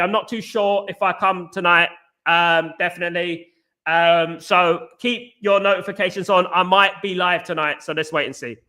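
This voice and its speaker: A man hosting a football fan live stream, bantering and giving shout-outs to viewers in the chat. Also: high-pitched. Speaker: host.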